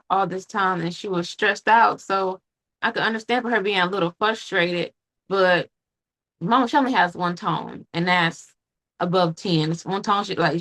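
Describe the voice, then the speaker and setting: A woman hosting a casual podcast conversation, talking earnestly and reflectively in quick bursts. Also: on the low side, fairly bright tone. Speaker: podcast host.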